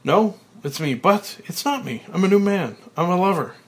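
Male reader doing frantic middle-aged executive; pitched-up, loud, manic. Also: normal speed, lightly acted. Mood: giddy. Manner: high, loud and panicky, then giddy and manic. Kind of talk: reading a screenplay aloud.

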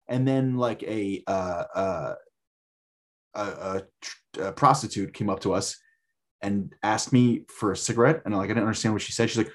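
A husky, slightly low-voiced man in his thirties talks in a loose, rambling way, with a lot of fillers and swearing. It is casual chat, a story told as a podcast guest. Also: a little fast. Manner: rambling, profane, filler-heavy.

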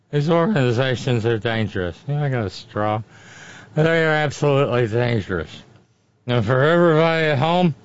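Brief: man as tipsy, outraged woman pundit; slurred rant, mid pitch, dull audio. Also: lightly acted. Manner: rambling, stumbling over words, outraged.

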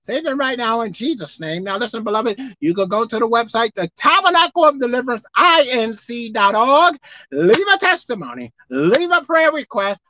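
A woman preacher giving a televised sermon, animated and swinging between loud exclaiming and low murmuring. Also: normal speed, no echo, muffled recording.

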